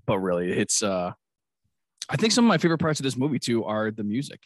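A man's voice: on the low side, big pitch swings, fast, dry recording. A man hosting a podcast in casual chat, rambling and laughing often as he acts out movie scenes. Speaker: podcast host.

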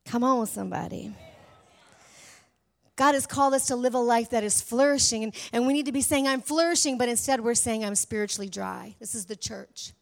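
A woman pastor preaching a sermon in a church, fervent and emphatic, swinging between loud declarations and hushed, intimate passages. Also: fairly high pitch, fairly even intonation, a little fast.

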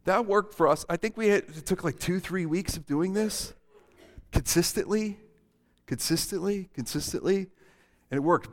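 Middle-aged male pastor, humorous conversational sermon delivery, slightly high voice, echoing church hall. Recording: long hall reverb.

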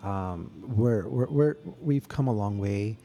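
Male podcast co-host, earnest, warm darkish low voice. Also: slow pace. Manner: earnest, repeats words when starting. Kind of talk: casual chat.

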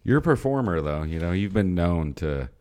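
Deep-voiced easygoing man joking around. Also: big pitch swings, moderate pace, a little mellow. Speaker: podcast co-host. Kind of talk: casual chat.

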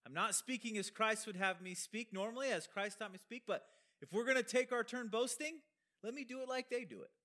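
High, bright-voiced male preacher. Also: fairly quick. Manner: emphatic, rhetorical questions, conversational asides. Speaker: preacher teaching from the Bible. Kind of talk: expository sermon.

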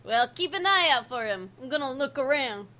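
Comic podcast read: woman doing a bright, sharp, folksy cartoon park ranger. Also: high voice, animated, brisk. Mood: chipper.

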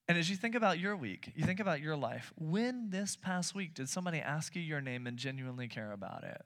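A man in his thirties preaching a sermon as pastor, telling stories animatedly, acting out his own quotes and repeating words when excited. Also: a little high, brisk. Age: 30s.

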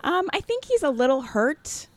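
A woman's voice: high-pitched, big pitch swings, moderate pace. A woman who grew up in Jamaica, chatting casually and self-deprecatingly as a guest, laughing easily. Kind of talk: casual chat.

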